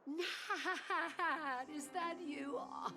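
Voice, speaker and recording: A woman voicing a gentle, loving older mother in a video game, speaking in a slow and soothing way. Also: high-pitched, over music, exaggerated voice. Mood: tender.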